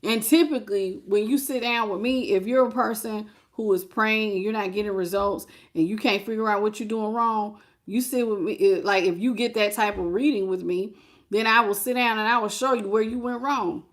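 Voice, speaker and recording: A woman's voice: mid-range voice, normal speed. A woman tarot reader giving a preachy, emphatic spiritual pep talk in casual, repetitive speech.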